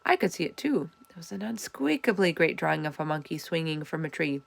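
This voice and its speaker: A woman reading a children's chapter book aloud, with expressive, animated storytelling. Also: deep voice, fairly quick, creaky. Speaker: storybook reader.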